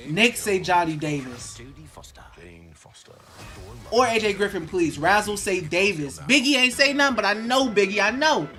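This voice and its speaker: A man's voice: high voice, lively intonation, unhurried, pauses often, bright, forceful tone, faint music behind. A man hosting a live draft watch party, restless and nervous, chatting with viewers and reading their comments aloud. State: nervous and excited. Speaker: live stream host.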